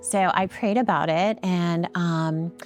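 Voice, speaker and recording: A woman telling a heartfelt story in an interview, earnest and halting, with frequent ums and restarts. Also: fairly low pitch, a little mellow, soft background music. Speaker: nonprofit founder and guest.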